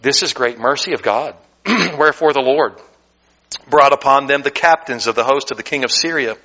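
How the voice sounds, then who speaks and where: A man's voice: medium pitch, moderate pace, pushed and bright, highs cut off. A man from the United States, a pastor preaching a sermon in a church sanctuary, fervent, with self-deprecating joking asides.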